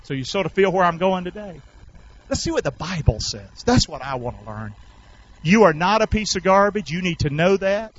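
A man preaching a lively sermon as pastor, getting the congregation to repeat lines after him. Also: high voice, normal speed, breathy edge, dull audio. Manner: animated, has the congregation repeat phrases.

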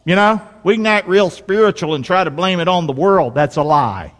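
A man's voice: high voice, expressive, normal speed, few pauses, fairly bright tone, big-room sound. A man preaching a sermon in a church, emphatic and folksy, calling on the congregation to answer him. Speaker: pastor. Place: church sanctuary.

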